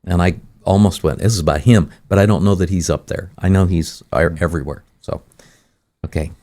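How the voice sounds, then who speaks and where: A man's voice: sits low, steady tone, fairly quick, mellow. A man who leads worship at a church, explaining his ideas in a thoughtful way during a casual faith chat.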